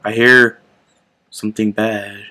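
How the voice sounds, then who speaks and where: A young man hosts a gaming channel, talking through a playthrough in casual commentary and reacting out loud to what he sees. His voice sits a bit low and sounds bright and forceful, and he takes his time with each line. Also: little pitch movement, slow pace. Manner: chatty, reacting out loud to the game.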